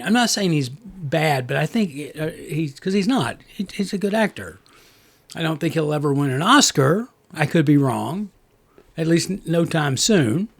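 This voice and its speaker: Gravelly man co-hosting a podcast. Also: a little high. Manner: rambling, many restarts and fillers. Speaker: podcast co-host. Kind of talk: casual movie review chat.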